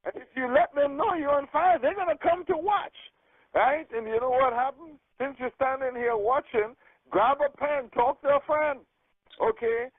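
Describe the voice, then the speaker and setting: A man leading a group call as a sales coach, giving an energetic motivational talk, checking in with "okay?" and acting out phone conversations. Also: very high voice, normal speed, no room sound. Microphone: telephone. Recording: tinny phone line.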